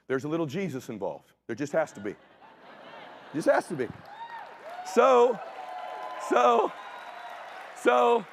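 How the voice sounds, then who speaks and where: A middle-aged man giving a motivational keynote as a story, acting out dialogue in punchy short sentences with casual swearing and sudden shouts. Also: on the high side, slight background noise. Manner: animated, acts out dialogue, bursts into shouts. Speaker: motivational speaker. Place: conference stage before an audience.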